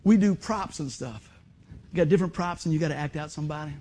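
A middle-aged man preaching a sermon in a folksy, animated way, acting out other people's voices. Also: on the high side, fast talker. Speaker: pastor.

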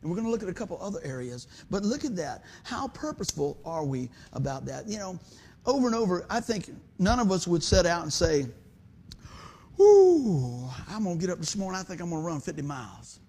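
Male pastor, folksy sermon storyteller, husky voice pitched high with lots of swing. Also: lively intonation, quick pace, a little mellow. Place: church sanctuary.

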